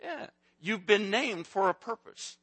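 A man in his sixties preaches with a bright, forceful voice. He tells folksy stories and jokes with the congregation, and his pitch sits in an ordinary middle range. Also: normal speed, dry recording. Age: 60s. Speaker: pastor. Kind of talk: sermon.

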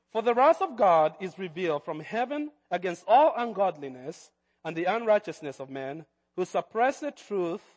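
A man's voice: sits high, a little mellow, in a large hall. A man with a Kenyan accent preaching a sermon as pastor, with hesitant fillers that build to fervent emphasis.

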